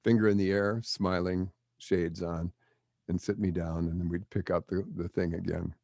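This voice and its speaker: Deep-voiced older man telling stories. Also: normal speed, creaky, no room sound. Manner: animated storyteller acting out quotes. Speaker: guest, broadcaster. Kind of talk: storytelling interview.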